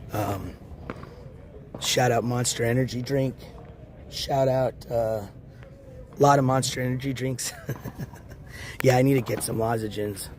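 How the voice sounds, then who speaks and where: A man livestreaming from a beach in the morning, hoarse and losing his voice, rambling as he walks and shouts out viewers in chat. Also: medium pitch, slight background noise. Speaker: IRL livestreamer. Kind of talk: casual live-stream chat.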